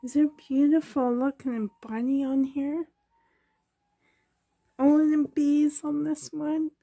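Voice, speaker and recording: A woman filming an unboxing vlog in her bedroom, gushing with excited exclamations and soft whispers. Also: high voice, takes it slowly, vocal fry. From Canada. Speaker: doll collector vlogger. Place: bedroom at home.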